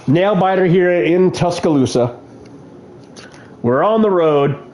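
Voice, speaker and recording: A man playing a football video game and commentating his plays, given to shouting at the game. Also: sits high, animated, slow pace, echoey room, slight background noise. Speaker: gaming video host.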